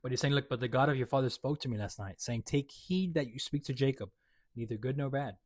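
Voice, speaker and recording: A host with a mid-range voice talks fast in a recording with no room sound, reading Bible verses aloud and then retelling them in loose, slangy everyday language. His casual explanation of the chapter is full of fillers and restarts.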